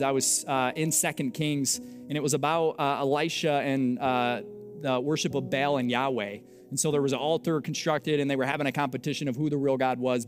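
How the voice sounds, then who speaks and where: A young adult man, a pastor, telling a story in a sermon with animated, self-mocking delivery and acted-out dialogue. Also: medium pitch.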